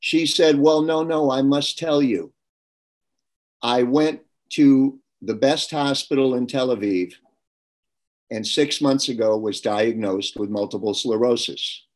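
A man's voice: medium pitch, slow. Earnest man telling a personal story. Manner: earnest, anecdotal, warm recollection with quoted dialogue. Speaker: interviewer.

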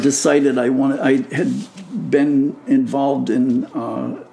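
An older man tells a story in an interview, his voice gravelly and low-key. He speaks in halting bursts, often pausing with fillers and starting sentences over. Faint hiss sits under the recording. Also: warm tone. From United States. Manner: halting, many fillers and restarts. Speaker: interviewee, lichen curator. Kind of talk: storytelling reminiscence.

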